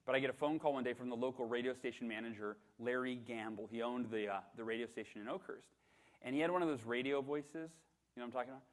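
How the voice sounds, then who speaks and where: A man in his thirties giving a motivational keynote, telling animated, self-deprecating stories with acted-out quotes. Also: medium pitch, fast. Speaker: motivational speaker. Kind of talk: storytelling keynote presentation.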